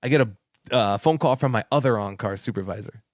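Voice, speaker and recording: Man, mid-pitched voice, dry close sound, animated storyteller, repeats words, laughs through quotes. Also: fast talker, no room sound. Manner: swears casually. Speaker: podcast co-host telling a story. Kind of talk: casual storytelling chat.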